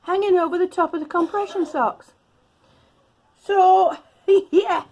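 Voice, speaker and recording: A breathless woman in her fifties talks slowly through her day at home, her voice sitting high. She chats casually, laughs often and coos at her cats, as if to close friends. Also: darkish tone, slight background noise. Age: 50s. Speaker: vlogger.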